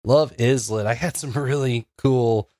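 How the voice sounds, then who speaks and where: A man's voice: medium pitch, measured pace, darkish tone, dry recording. A young man co-hosting a podcast in loose casual chat, rambling with lots of fillers and laughs. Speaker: podcast co-host.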